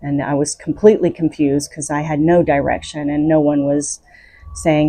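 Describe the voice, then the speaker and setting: A woman's voice: sits low, little pitch movement, normal speed, warm tone, no room sound. A woman hosting her own podcast, giving unscripted spiritual self-help talk in an earnest, coaching way. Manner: earnest, coaching, laughs between thoughts. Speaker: podcast host.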